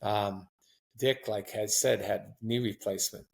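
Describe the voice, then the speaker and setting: A man in his sixties chatting as a podcast guest, telling long rambling stories in a relaxed, anecdotal way. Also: fairly low pitch, a little slow, vocal fry, breathy edge. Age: 60s. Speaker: guest marathon runner. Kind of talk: casual interview chat.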